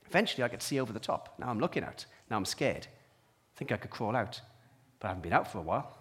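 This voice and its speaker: A man giving a sermon, telling his own story in a personal way, dropping quiet and then rising to emphatic peaks. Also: fairly low pitch, sing-song, quick pace, slightly rough. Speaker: preacher.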